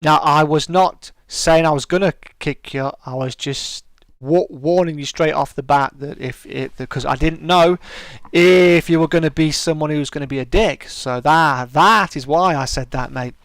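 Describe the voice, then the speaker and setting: A man's voice: fairly high pitch, normal speed, a bit bright, dry recording. A British man hosting a live stream, chatting casually and answering viewers' comments. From United Kingdom.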